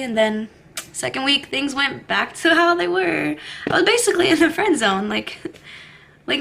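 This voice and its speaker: Young female vlogger, high bright voice, audible fry, blunt and profane, chatty camera-mic confessional. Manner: candid, swears freely, lots of fillers. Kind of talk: casual confessional vlog.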